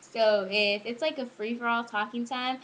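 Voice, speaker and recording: A woman's voice: a little high, steady tone, normal speed, a bit bright, low-quality recording. A teenage girl chatting casually to camera as a vlogger, rambling and giggly. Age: teens. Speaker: student vlogger.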